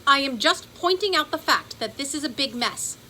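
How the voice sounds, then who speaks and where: A woman voicing an anxious young boy whose voice turns high and screechy when upset. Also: animated, moderate pace, sharp tone, slight background noise, poor audio. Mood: accusing.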